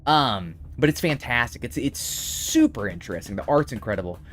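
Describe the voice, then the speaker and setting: A man's voice: mid-range voice, normal speed, a little hiss or hum. A man streaming a game while casually chatting and answering viewers' messages. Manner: chatty, reads and answers chat, animated. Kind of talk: casual live-stream chat.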